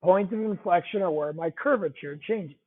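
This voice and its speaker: A man's voice: high-pitched, moderate pace. A man teaching a math lesson, talking conversationally, repeating key phrases and checking in with the class. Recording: tinny phone-like audio.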